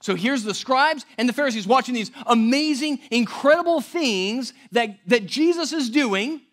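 A man preaching a sermon as pastor, conversational and animated, often checking in with the audience. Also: very high voice, moderate pace.

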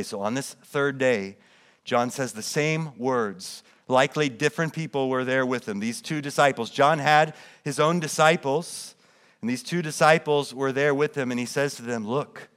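A man preaching a sermon, reading scripture aloud and explaining it, rising in emphasis and then dropping quiet. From United States. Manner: drops soft and low when quoting quiet words. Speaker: pastor.

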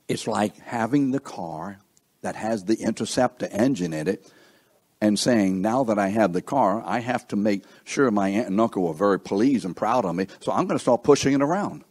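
A man's voice: on the low side, lively intonation, moderate pace, darkish tone, breathy edge. A man preaching a sermon in a conversational way, often asking his listeners questions and acting out what people think. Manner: conversational, asks the listeners questions, acts out quoted thoughts.

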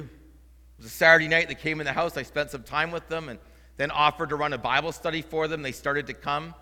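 Fervent male preacher in a reverberant church. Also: fairly high pitch. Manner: earnest, swings from quiet storytelling to loud fervent proclaiming. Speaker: interim preaching pastor. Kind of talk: sermon. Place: church sanctuary.

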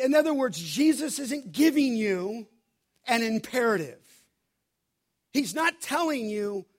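A man preaching a sermon, building to emphatic, forceful peaks on key lines. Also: sits high. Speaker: pastor.

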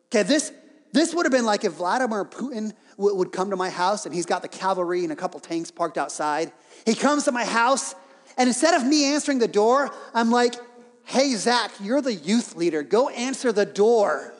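A man delivers a sermon, retelling a story in an animated way and dropping in jokes. His voice sits high for a man. A long reverb trails behind him, as in a large hall. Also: brisk. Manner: lively storytelling with joking asides. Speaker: preacher.

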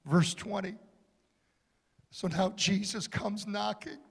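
Male preacher, very high voice, slow deliberate passionate sermon delivery, in a reverberant hall. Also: steady tone, creaky, slightly rough. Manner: impassioned, rising to shouts and dropping low.

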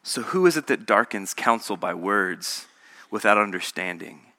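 A preacher playing God as a calm, gently teasing male deity who speaks low and softly. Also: normal speed. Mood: solemn. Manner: low, soft and conversational.

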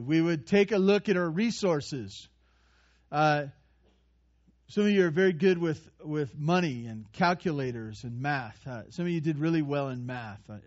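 A man preaching a sermon in a conversational, animated way, with playful asides and frequent restarts. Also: fairly high pitch, lo-fi sound. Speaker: pastor.

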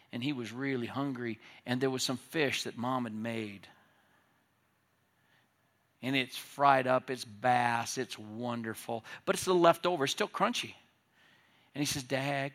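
A male pastor preaching a sermon, rising to loud emphatic peaks and dropping to low, hushed asides.

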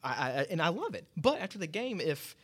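A man's voice: on the high side, big pitch swings, brisk, a bit bright, husky. Man chatting with stammering restarts. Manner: hesitant, stammering restarts, joking. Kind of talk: casual chat.

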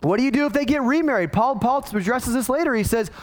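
A man's voice: extremely high pitch, animated, fast talker, few pauses. A man in his forties, a pastor, preaching a conversational sermon that is full of restarts and acted-out quotes.

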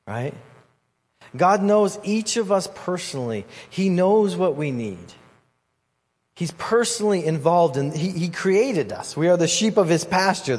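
A man preaching a sermon as pastor, conversational and animated, acting out voices in the story. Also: on the high side, slightly rough. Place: church hall. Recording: long hall reverb.

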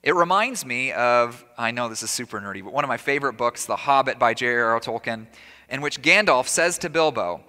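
A male pastor delivers a sermon in a chatty, conversational way, asking rhetorical questions and adding wry asides. His voice is bright and forceful, and it carries a long reverb, as if it were recorded in a large hall. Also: medium pitch, lively intonation, a little fast.

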